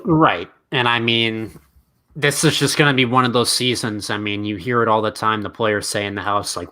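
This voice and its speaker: A man's voice: fairly low pitch, steady tone, normal speed, bright, forceful tone. A man co-hosting a casual recap show over an online call, rambling and hedging as he talks. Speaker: podcast co-host.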